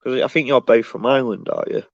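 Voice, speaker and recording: A man's voice: medium pitch, quick pace, vocal fry, no room sound. A man talking casually on a live stream, rambling and restarting his sentences as he answers the chat. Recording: dull, dry lo-fi sound.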